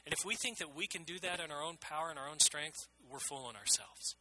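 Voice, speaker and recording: A man's voice: fairly high pitch, lively intonation, a little fast, pushed and bright, slight background noise, low-quality recording. A middle-aged man preaching a sermon as pastor, earnest and emphatic, often repeating his phrases.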